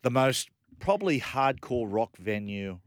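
A middle-aged man hosting a radio show, telling animated stories in casual chat. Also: medium pitch, a little slow, clear, resonant tone, dry recording. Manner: animated storyteller, laughs through his anecdotes. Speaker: radio host.

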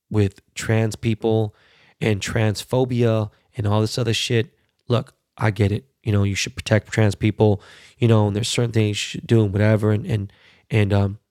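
A man with a gravelly, fry-edged voice rants as a podcast host. He is profane and heated, and hammers his points by repeating words. The sound is dry and close. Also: lowish voice, a little mellow, no room sound. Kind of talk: casual ranting commentary.

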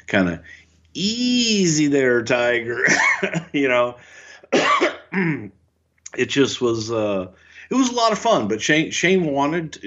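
An older man co-hosting a podcast, telling relaxed stories, chuckling often and acting out quotes. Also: lowish voice, lo-fi sound. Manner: relaxed, chuckling storyteller who acts out quotes. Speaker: podcast co-host and former wrestling executive. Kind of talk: anecdotal storytelling.

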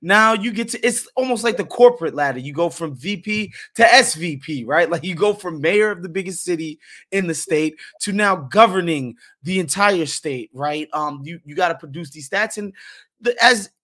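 A man with a slightly high voice hosts a loose, casual conversation. He asks his guest pointed, profane questions and swears freely. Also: lively intonation, normal speed, fairly bright tone. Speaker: podcast host.

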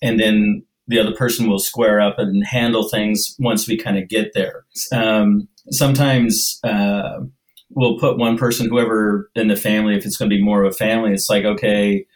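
Male guest, measured and hesitant, low voice. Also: little pitch movement, rough recording. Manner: measured, with frequent "um" and "kinda". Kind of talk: casual interview.

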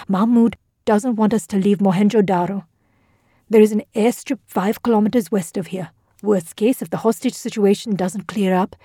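A woman reading the lines of a tense, quick-tempered male school official in an audio drama, speaking clipped and defensive. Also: high-pitched, warm tone, no echo, clean studio sound. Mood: urgent.

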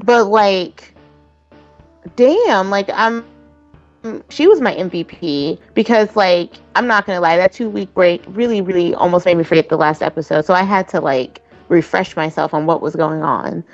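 A woman co-hosting a casual podcast chat, animated and profane, with a constant "like" in her talk. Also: lowish voice, moderate pace, dull audio, soft background music. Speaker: podcast co-host.

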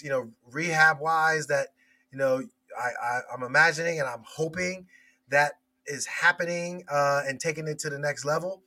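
Former player, male, guest analyst. Bright and a little high, hesitant, repeats words. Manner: hesitant, halting with many restarts. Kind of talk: casual podcast chat.

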